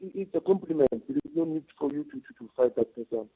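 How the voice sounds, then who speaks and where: Gravelly man on a phone line. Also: on the high side, wildly swooping pitch. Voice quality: gravelly, husky. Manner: halting, hesitant with fillers and restarts. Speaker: caller. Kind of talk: opinionated call-in.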